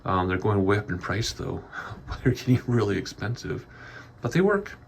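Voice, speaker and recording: A man's voice: fairly low pitch, big pitch swings, normal speed, creaky. Rambling breathless man with faint room hiss. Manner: rambling, chatty, frequent ums. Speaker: YouTuber giving a studio tour. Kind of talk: casual walkthrough vlog. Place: home office studio.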